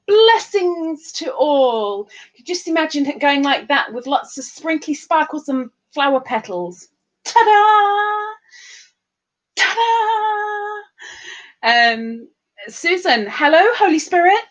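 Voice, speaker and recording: Bubbly high-voiced woman streaming live. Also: big pitch swings, takes it slowly. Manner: bubbly, chatty, greets viewers with big upward swoops. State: tired. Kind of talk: casual live stream chat, greeting viewers.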